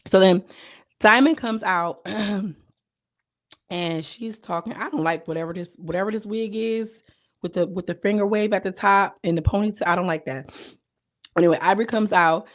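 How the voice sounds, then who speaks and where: A young woman recapping a reality show in casual, slangy chat, her voice a little hoarse. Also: mid-range voice, normal speed. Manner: chatty, slangy, animated retelling. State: slightly hoarse voice.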